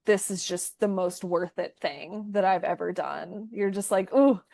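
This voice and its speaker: A woman's voice: medium pitch, unhurried, creaky, dark tone, no echo, studio quality. A young woman giving a heartfelt testimonial in a conversational interview, speaking effusively and often restarting her sentences. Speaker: program participant giving a testimonial.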